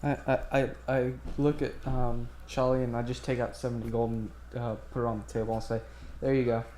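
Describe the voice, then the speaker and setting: A man's voice: medium pitch, little pitch movement, brisk, a little mellow, slight background noise. Hesitant man playing a tabletop game. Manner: hesitant, repeating words, laughs easily. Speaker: player.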